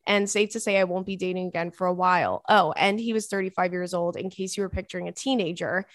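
A woman podcast host reading a listener's email aloud in casual chat, expressive and dramatic with exasperated asides. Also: fairly low pitch, fast talker, dry recording, studio quality.

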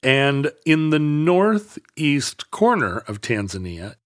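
A man's voice: fairly high pitch, big pitch swings, slow pace, a bit bright. A man in his fifties, co-hosting a casual podcast, explains facts at length with many restarts and fillers. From United States. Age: 50s. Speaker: podcast co-host.

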